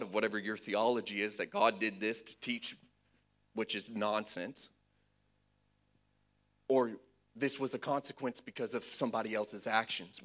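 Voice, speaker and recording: A man preaching a sermon to a congregation, moving between loud fervent preaching and hushed storytelling, with playful asides. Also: lowish voice. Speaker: pastor. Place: church before a congregation.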